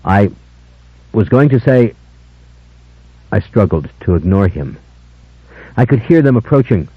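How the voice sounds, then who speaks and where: Low, dramatic male audiobook narrator. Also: animated, husky, dry recording. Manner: measured, dramatic first-person storytelling. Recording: dull lo-fi older audiobook, dry.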